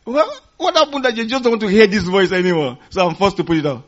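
This pastor has a high voice and delivers a very animated, brisk sermon, trading call and response with the congregation, who finish his phrases, and chuckling during his stories. Dull lo-fi recording.

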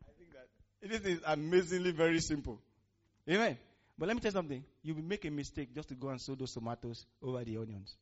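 A man's voice: on the high side, fast. Male preacher, sermon delivery, emphatic call-and-response, lo-fi sound. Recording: muffled lo-fi recording.

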